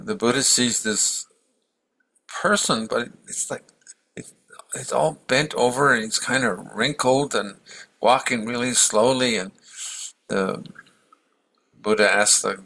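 A man's voice: mid-range voice, vocal fry, sharp tone, low-quality recording. A man giving a casual, rambling storytelling talk as a meditation teacher, with easy fillers and restarts.

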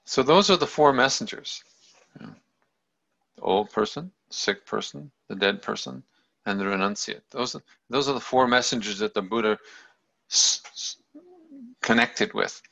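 A man's voice: medium pitch, normal speed, creaky, pauses often, fairly bright tone. A man telling a story in a loose, rambling, casual way, in a dull lo-fi recording. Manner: loose and rambling, many fillers and restarts.

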